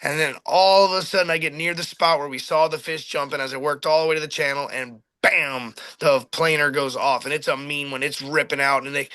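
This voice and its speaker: A middle-aged man tells a fishing tale in a high, bright voice. He races along, stumbles over restarts and acts out what everyone said. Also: fairly quick, few pauses, clear, resonant tone. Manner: animated, restarts often, acts out his own quotes. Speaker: charter boat captain telling a fishing story. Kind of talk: excited casual storytelling.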